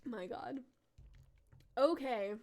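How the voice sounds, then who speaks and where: A woman's voice: on the high side, extremely slow, darkish tone, a little hiss or hum. A woman hosting a live stream, reading viewers' character stories aloud and chatting with them, laughing often. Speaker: live-stream storyteller host.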